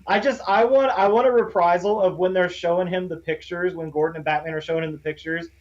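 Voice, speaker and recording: A man co-hosting a casual online chat, excitable and tripping over his starts. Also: sits high, fast talker, muffled recording. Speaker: podcast co-host.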